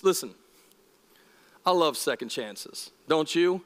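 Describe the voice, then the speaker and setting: A male pastor with a high voice gives a conversational, animated sermon and keeps asking his listeners questions. His voice rings with the long echo of a church hall. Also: normal speed.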